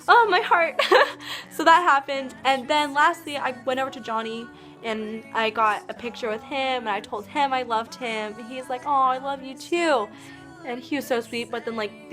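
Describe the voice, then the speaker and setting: A woman's voice: high-pitched, a bit bright. A young woman vlogging, gushing and bubbly, with many filler words as she recaps her day. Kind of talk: excited fan vlog recap.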